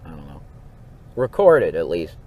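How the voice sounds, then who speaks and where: A man vlogging in a rambling, profane monologue, swinging between low mumbles and sudden outbursts. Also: very animated, unhurried, dark tone.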